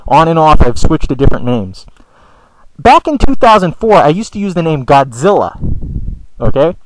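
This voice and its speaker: A man's voice: fairly high pitch, sing-song, normal speed, a little hiss or hum, low-quality recording. A man ranting in a video blog, stammering and repeating words, swearing often, with an aggrieved, whiny tone. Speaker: video blogger. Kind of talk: ranting vlog monologue.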